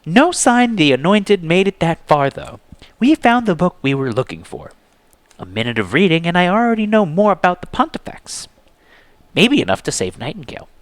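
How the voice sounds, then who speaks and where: A man voicing a hot-tempered young woman adventurer, talking in a sharp, impatient way in a dramatic reading. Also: high voice, very animated, normal speed, no room sound, voice pushed up. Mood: heated. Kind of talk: dramatic reading with character voices.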